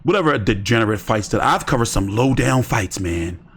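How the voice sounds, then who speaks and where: A man's voice: fairly low pitch, expressive, fairly quick, fairly bright tone, a little hiss or hum. A man giving rambling, slangy commentary on boxing during a casual live stream. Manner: rambling, slangy, talks to himself while browsing.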